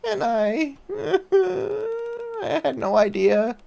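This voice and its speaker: A man's voice: very high voice, very animated, drawn-out words, vocal fry, crowd noise, pitched above the performer's own voice, heavily acted. Man doing a tearful little chef girl. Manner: tearful, laughing through tears. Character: cute young female chef girl, earnest and emotional. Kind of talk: reading game dialogue aloud.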